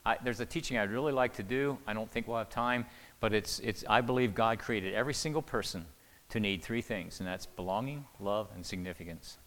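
A man's voice: on the low side, fairly quick, fairly bright tone. An older man giving a conversational church teaching on marriage, often repeating words and asking the audience questions. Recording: long hall reverb.

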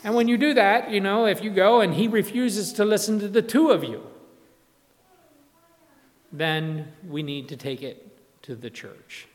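A man's voice: high-pitched, unhurried, pauses often. A man preaching a sermon in a conversational way, often restarting and acting out quotes. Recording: long hall reverb.

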